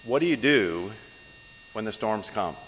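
A man preaching a sermon from the pulpit in a church sanctuary, unhurried, with many pauses and ums between phrases. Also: fairly low pitch, expressive, fairly bright tone. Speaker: pastor. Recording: long hall reverb, faint mains hum.

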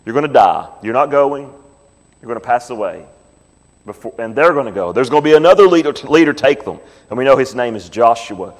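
A male pastor preaching a sermon, reading scripture slowly and asking the congregation questions. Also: mid-range voice, animated. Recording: long hall reverb.

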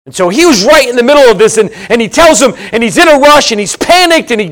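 A man delivers a sermon in a high voice. He hammers points by repeating them, rising to loud emphasis and then dropping low and quiet. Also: expressive, quick pace. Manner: emphatic, repeats phrases, swings between loud and hushed. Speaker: preacher.

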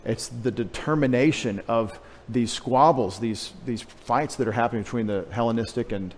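A man's voice: medium pitch, moderate pace, big-room sound. A male pastor preaching a conversational teaching sermon, asking rhetorical questions and restarting phrases as he explains.

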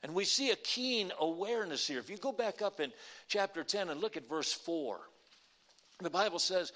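A man preaching a sermon, quoting scripture and swinging between emphatic outbursts and quiet lines. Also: sits high, animated, moderate pace.

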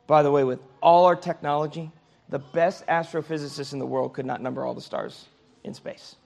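A man's voice: a little high, creaky, darkish tone. A man teaching a Sunday school Bible class in a conversational way, often checking in with his listeners.

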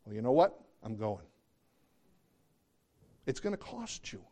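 A man preaching a sermon as pastor, talking conversationally and jumping into excited, high bursts. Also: a little slow.

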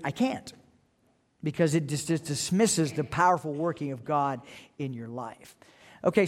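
A pastor preaching an evening sermon, earnest and emphatic, often repeating key phrases. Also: male voice, on the high side. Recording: long reverb of a church hall.

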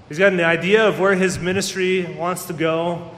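A man's voice: fairly even intonation, normal speed, a bit bright. A man preaching a sermon as a pastor, talking casually and acting out the people he quotes. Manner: conversational, acts out quoted voices. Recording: echoey hall with faint rumble.

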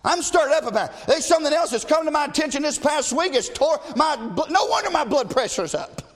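Fiery high-voiced man preaching in a hall. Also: lively intonation, a little fast. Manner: impassioned, rising to shouts. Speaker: pastor. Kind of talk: preaching a sermon.

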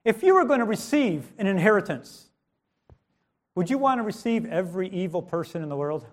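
A man's voice: sits high, big pitch swings, fairly quick. A man preaching a sermon with strong emphasis, rising and dropping his voice, with modest asides.

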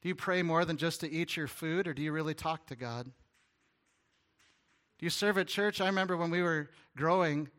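A man preaching to his congregation, his voice sitting a bit high with a bright, forceful edge. He tells stories and acts out small back-and-forth dialogues. His delivery swings between soft, hushed passages and loud ones. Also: normal speed. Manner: storytelling preacher, dropping to hushed tones and rising to loud ones. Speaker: pastor. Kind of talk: sermon.

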